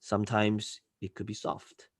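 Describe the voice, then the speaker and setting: A man coaching a live online class, often checking in with listeners and swinging between loud and soft delivery. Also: on the low side, completely flat delivery, a little slow, no echo, clean studio sound. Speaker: marketing coach.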